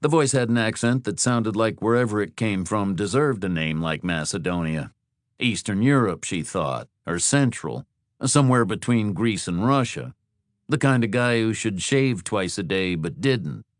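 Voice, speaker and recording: A man reads a thriller audiobook in a measured, descriptive way. His voice is fairly low, with lively rises and falls. The recording is close and dry, with no room sound. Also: no echo. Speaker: audiobook narrator. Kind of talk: scripted narration.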